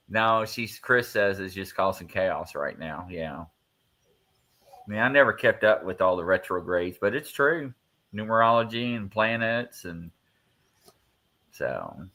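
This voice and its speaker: Low-voiced guy hosting a live show, jokey and teasing, bright edgy tone, voice bouncing all over. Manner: playful, teasing, laughs often. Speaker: host reading listener questions. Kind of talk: casual live podcast chat.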